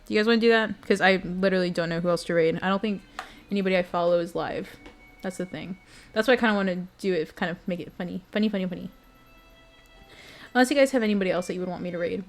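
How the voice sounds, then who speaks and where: A woman's voice: fairly low pitch, fast, faint music behind. A young woman streamer in casual chat with her viewers, giggly and emotional, talking straight to her chat.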